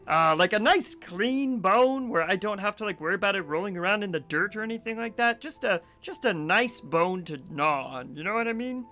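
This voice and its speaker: A man's voice: sits high, animated, fairly quick, hardly any pauses, pushed and bright, voice pushed up. A man voicing a simple, easygoing male dog who rambles about wanting a bone. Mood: rambling. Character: laid-back simple male dog, Birch.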